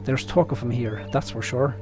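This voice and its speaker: A man's voice: medium pitch, fairly even intonation, moderate pace, music in the background, natural voice. A man reading the lines of a stubborn rural man in a game letter, folksy and plain-spoken. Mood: insistent.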